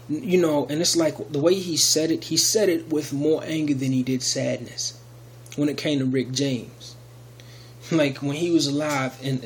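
A man's voice: mid-range voice, slight background noise. Rambling man telling a testimony. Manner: rambling, many restarts and fillers. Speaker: video testimony speaker. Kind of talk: casual spoken testimony.

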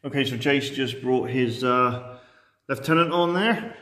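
Guy chatting through a tabletop battle, jokey asides, middle pitch, big echoey hall. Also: sharp tone. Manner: chatty, joking, quick asides. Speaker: host and wargame player. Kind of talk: casual running commentary on a tabletop game. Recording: roomy hall with long reverb.

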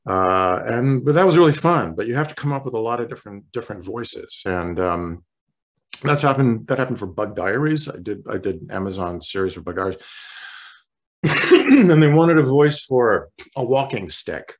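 A male voice actor chatting as an interview guest, relaxed and rambling, often clearing his throat. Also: medium pitch, normal speed. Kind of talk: casual interview chat.

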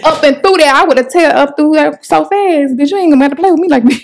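A woman's voice: high-pitched, fast. A woman in a casual podcast chat, blunt and slangy, swearing freely. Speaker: podcast co-host.

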